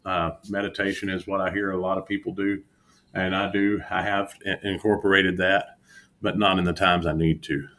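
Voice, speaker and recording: A man's voice: low voice, flat delivery, normal speed, fairly bright tone. A man talking candidly about his trading setbacks in an earnest, self-critical vlog monologue from home. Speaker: futures day trader vlogger. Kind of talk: candid reflective monologue to camera. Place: home room with an exercise bike.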